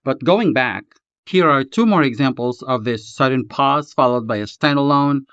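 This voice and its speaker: A man teaching a language lesson, reading a script slowly and carefully, spelling out each syllable. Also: mid-range voice, animated, a bit bright, clean tone, dry recording, highs cut off. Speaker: language tutor.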